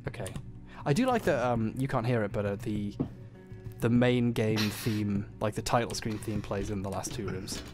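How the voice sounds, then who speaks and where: A man chatting casually on a game stream, dryly sarcastic and often trailing off quietly. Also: on the low side, normal speed, music in the background. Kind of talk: casual gaming stream chat.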